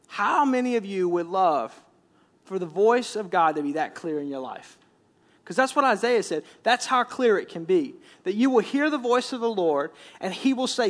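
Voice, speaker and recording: A man's voice: high-pitched, lively intonation, normal speed. A middle-aged man preaching a sermon as senior pastor, in a conversational style, often repeating words and quoting scripture. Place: church sanctuary.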